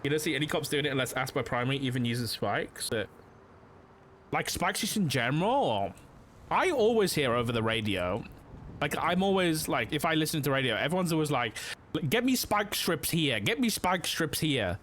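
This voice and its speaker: A man's voice: mid-range voice, very animated, fairly quick, fairly bright tone. Young male streamer, casual roleplay-cop chatter, loose and rambling, faint hiss under the voice. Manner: rambling, filler-heavy, with frequent "like". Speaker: streamer playing a police officer in a roleplay game.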